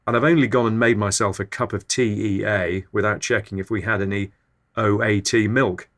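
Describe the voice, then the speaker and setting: Deadpan low-voiced man. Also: moderate pace. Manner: deadpan, low-key delivery. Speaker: comedy podcast host. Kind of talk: absurdist comic monologue.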